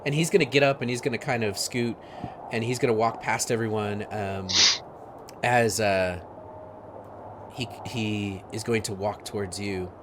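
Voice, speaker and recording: A man narrating a tabletop game as game master, halting with many fillers. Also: lowish voice, steady tone. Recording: noisy stream audio.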